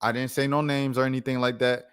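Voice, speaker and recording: A man hosts a reaction stream at a middling pitch. He talks in a laid-back, rambling way and stumbles over repeated words. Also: little pitch movement, fast talker, a bit bright, clear, resonant tone. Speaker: host. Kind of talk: casual reaction-stream chat.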